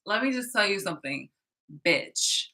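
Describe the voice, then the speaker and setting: A woman's voice: mid-range voice, lively intonation, normal speed, sharp tone. A woman vlogger in a casual, profane, exasperated reaction rant, laughing often, filmed indoors. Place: indoor room.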